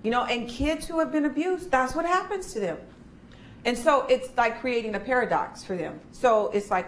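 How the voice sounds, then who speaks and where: A woman's voice: a little high, expressive, brisk. A woman leading a training workshop who talks through her stories and acts out the children's voices as she goes. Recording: echoey room with faint noise.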